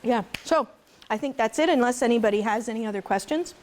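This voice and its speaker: Talking fast in a high-leaning, slightly mellow voice, a middle-aged woman who raises goats entertains a live audience as a conference speaker. She's chatty, laughs a lot, and tells stories with faith-related asides.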